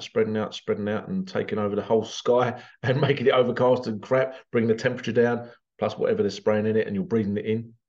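A man's voice: on the low side, vocal fry, darkish tone, lo-fi sound. A man talking casually to camera in a rambling way, full of sarcastic rhetorical questions. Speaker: vlogger.

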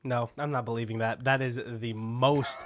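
A man's voice: mid-range voice, no echo. A young man co-hosting a podcast, congested from a cold, joking around in casual banter. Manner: animated, joking, quick to laugh. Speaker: podcast co-host.

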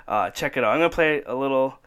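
Chatty man with a smooth voice. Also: medium pitch, quick pace, fairly bright tone. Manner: rambling, enthusiastic, laughs often. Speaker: podcast host. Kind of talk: casual chat.

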